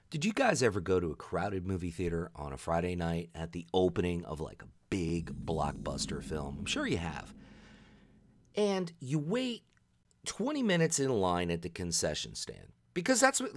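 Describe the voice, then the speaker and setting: A man giving opinionated commentary on a video game, telling stories in an animated rant. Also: on the low side. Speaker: gaming video creator.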